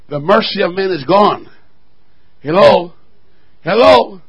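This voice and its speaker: A man preaching a sermon, calling out to the church and rising into fervent shouts. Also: high voice, breathy edge, poor audio. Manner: call-and-response, rising to shouting.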